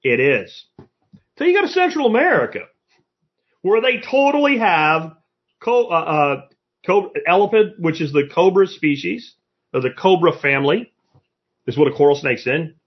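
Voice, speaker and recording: A man hosting a live stream, talking with a lively, swooping delivery and a slightly husky voice. He is blunt and profane as he rants back at chat comments. The audio is dull and lo-fi. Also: a little high, normal speed, pauses often. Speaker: podcast host.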